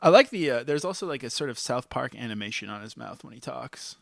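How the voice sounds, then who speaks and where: Podcast host, male, lively playful delivery, dry close sound. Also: medium pitch, quick pace, vocal fry, dry recording. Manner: playful, laughs often, animated. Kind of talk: casual chat.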